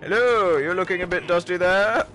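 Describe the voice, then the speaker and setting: A man voicing a prim, fussy, very polite butler in a high, posh put-on voice while playing a video game. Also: normal speed, sharp tone, faint music behind. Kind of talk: joking character voice during gameplay.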